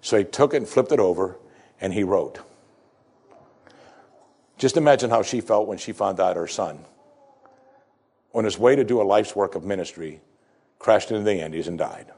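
A man with a fairly low voice delivers a sermon to his congregation. He tells a story with deliberate dramatic pauses, and he slows down to stress the lines that matter. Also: a little mellow, breathy edge. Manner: emphatic, slows for key phrases. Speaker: pastor.

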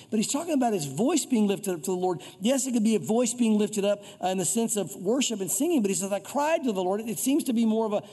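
A man's voice: high voice, dark tone, breathy edge. A man preaching a conversational sermon as pastor. He often acts out scripture and prayers in quoted voices, in a chatty, informal way. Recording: long hall reverb.

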